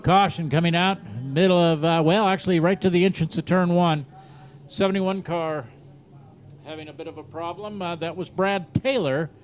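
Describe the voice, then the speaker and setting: This Southern man's voice sits a little high and his intonation stays fairly even as he announces a dirt track race live on the PA. Joking and laughing at his own lines, he rattles through the starting lineup quickly.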